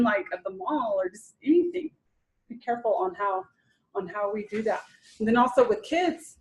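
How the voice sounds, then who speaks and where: A woman in her thirties leads a training session, with a fairly high voice. She talks casually to the audience, restarting her sentences and slipping into little acted quotes. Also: darkish tone, low-quality recording. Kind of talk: informal lecture to an audience.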